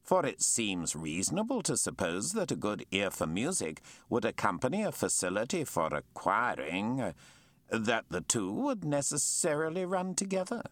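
A man voicing a learned, courteous male naturalist with formal, precise speech that turns excitable. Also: mid-range voice, normal speed, dry recording, pitched above the performer's own voice.

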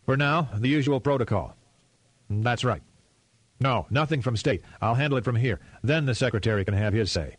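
A man's voice: mid-range voice, normal speed, slightly rough, no room sound, close to an everyday voice. A man reading a coldly furious president. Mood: brisk. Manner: quiet, clipped, menacing. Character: furious, grimly calm male president.

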